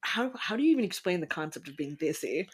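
A young woman in her twenties hosts a relaxed podcast conversation in a slightly low voice. She giggles often and restarts her sentences as she works to explain her points. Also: fast talker, husky. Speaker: podcast host. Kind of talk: casual chat.

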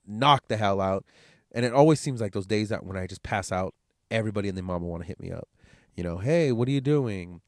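A man's voice: deep voice, fast talker, dry recording, clean studio sound. A man with a stuffed-up nose from a cold, hosting his podcast in a rambling, profane, candid way. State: congested, nasal from a cold. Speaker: podcast host. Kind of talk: casual solo podcast monologue.

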